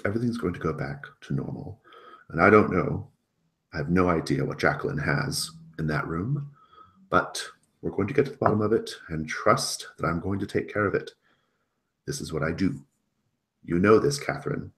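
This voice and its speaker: A man's voice: sits low, moderate pace, fairly bright tone. A man voicing a stern older nun on the phone, cold and scolding.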